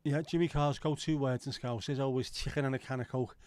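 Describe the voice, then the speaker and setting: A man's voice: mid-range voice, steady tone, a little fast, darkish tone, no echo. A middle-aged man hosting a casual livestream, rambling, swearing now and then and answering chat comments. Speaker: livestream host.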